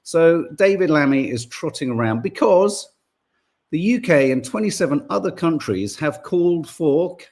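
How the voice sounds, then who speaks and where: A middle-aged man co-hosting a podcast, talking in a casual, rambling monologue. His voice is husky, and his pitch swings widely as he turns sarcastic and exasperated. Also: lively intonation, normal speed, darkish tone. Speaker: podcast co-host.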